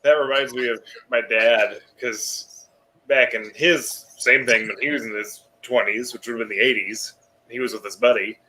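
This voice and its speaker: A man's voice: medium pitch, sharp tone, rough recording. A man casually telling a short anecdote about his father to friends. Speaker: podcast co-host. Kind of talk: casual chat.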